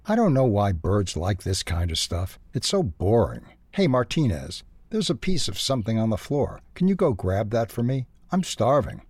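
A man's voice: fairly low pitch, big pitch swings, moderate pace, hardly any pauses, a little mellow, husky, no echo. A man voicing a hungry, anxious little male animal in a storybook who whines and chatters about food. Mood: whiny. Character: jittery hungry little male critter, always whining.

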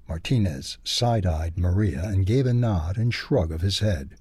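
A man reading a book review and then a children's story in a steady, measured way. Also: low voice, slightly rough, no room sound. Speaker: reader.

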